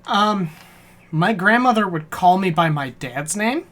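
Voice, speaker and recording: A woman's voice: fairly low pitch, animated, measured pace, a bit bright. A woman leading a casual stream talk, reading prompts out and swearing now and then. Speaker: game master leading a character workshop.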